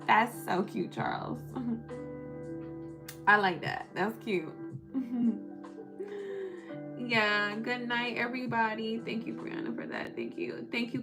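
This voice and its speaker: A young woman with a Southern US accent, tired, chatting on a live stream, reading the chat aloud and laughing often. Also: medium pitch.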